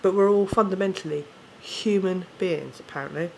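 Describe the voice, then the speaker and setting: A man's voice: high voice, moderate pace, creaky, a little mellow, a little hiss or hum. A man with an English accent, ranting casually to camera, swearing often and correcting himself as he rambles. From England. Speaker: vlogger.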